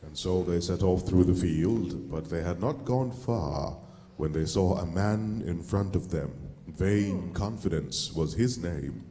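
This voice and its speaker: A man narrating a play as a storyteller, steady with occasional fillers. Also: low-pitched, takes it slowly, hardly any pauses, big-room sound, a little hiss or hum.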